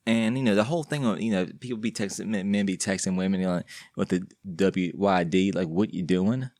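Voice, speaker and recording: A man's voice: deep voice, steady tone, quick pace, a little mellow, dry recording, clean studio sound. A man hosting his own podcast, talking alone in a rambling, slangy, joking way with lots of restarts. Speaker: podcast host. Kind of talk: casual solo podcast monologue.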